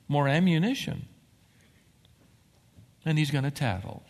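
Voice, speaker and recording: A man preaching a sermon as pastor, telling stories with emphatic, animated delivery. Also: on the high side, normal speed, long reverb tail. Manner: animated storytelling, emphatic swings.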